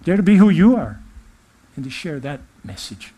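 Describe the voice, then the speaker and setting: Otherworldly male spirit, gentle and tender, put-on English-sounding lilt, higher than usual, as a man channels him. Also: very animated, moderate pace, breathy edge. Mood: gentle uplifting. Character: benevolent otherworldly male spirit speaking to an audience.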